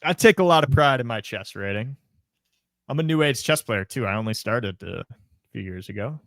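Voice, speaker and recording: A man's voice: medium pitch, lively intonation, fairly quick, creaky, dry recording, clean studio sound. A young man co-hosting a casual sports podcast, chatty, with lots of restarts and repeated words. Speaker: podcast co-host. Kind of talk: casual chat.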